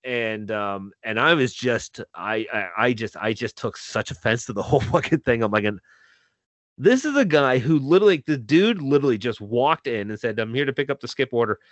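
A man's voice: medium pitch, animated, moderate pace, dry recording. A man co-hosting a casual chat over a video call, telling stories with a lot of swearing and laughter. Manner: profane, laughing storyteller. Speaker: podcast co-host.

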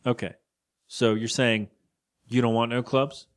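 A mid-range, level-toned male voice belongs to a casual podcast co-host. Rambling through his episode recap, he performs characters' lines in quick little voices.

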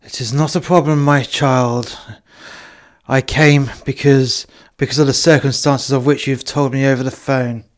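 A man playing a middle-aged exorcist priest who speaks slowly and softly, calling others "my son" and "my child", in an amateur comedy horror skit. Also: mid-range voice, flat delivery, natural voice. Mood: reassuring. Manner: slow, hushed, calls others "my son" and "my child".

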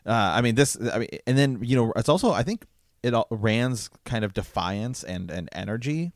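A man's voice: mid-range voice, lively intonation, normal speed, no room sound, studio quality. A man chatting about a book series and reading passages from it aloud, with lots of fillers between the lines. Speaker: book podcast co-host. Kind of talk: casual chat with read-aloud passages.

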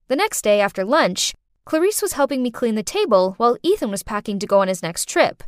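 Eine Frau erzählt mit lebhafter, auf und ab springender Stimme eine dramatische Ich-Geschichte für einen Podcast. Ihre eher hohe Stimme klingt trocken und nah am Mikrofon. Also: female voice, fairly high pitch, no echo, clean studio sound. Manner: expressive, dramatic storytelling. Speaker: narrator. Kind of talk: first-person storytelling podcast.

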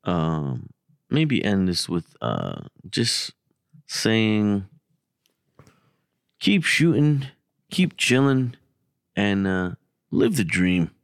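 A man co-hosting a podcast, telling a story in casual, profane, animated chat. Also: extremely slow, vocal fry, long pauses, smooth, no echo, clean studio sound. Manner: animated, profane, gets loud and high when acting out the story. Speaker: podcast co-host.

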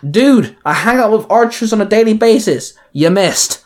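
A man's voice: on the high side, expressive, fast, close to an everyday voice. A man doing a cheeky teenage sidekick. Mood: cocky. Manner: teasing, cheeky. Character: cocky teenage boy sidekick, joking and loud.

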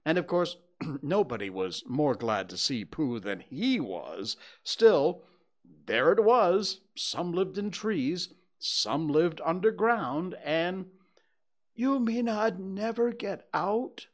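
A man reading a children's story aloud with expressive storytelling. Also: on the high side, takes it slowly.

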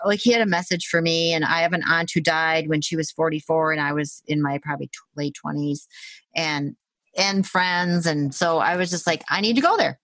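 A woman with a somewhat low voice tells a story in a relaxed, chatty way, full of fillers and laughter. She speaks as a Reiki practitioner, and the sound is close and dry with little room echo. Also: normal speed. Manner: animated, acts out quoted voices, laughs often, many fillers. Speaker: Reiki practitioner and intuitive healer. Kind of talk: casual storytelling in a conversation.

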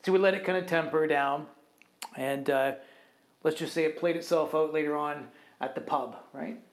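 Man, fairly high voice, casual storytelling, rambling, animated. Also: normal speed. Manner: animated, acts out other people's quotes; rambling with fillers like "right?" and "kind of thing". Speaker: podcast co-host.

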